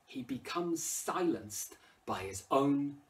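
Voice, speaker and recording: A man's voice: mid-range voice, takes it slowly, distant mic. A man with an English accent explaining a play, reading quoted lines aloud with dramatic emphasis. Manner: expressive, rises loudly when quoting lines. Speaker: English literature teacher. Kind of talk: lesson commentary with dramatic readings.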